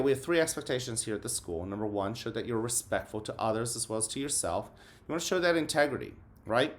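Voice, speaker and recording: Gentle encouraging man, school principal. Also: medium pitch. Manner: gentle, encouraging address to students. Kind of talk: morning announcements and guided mindfulness.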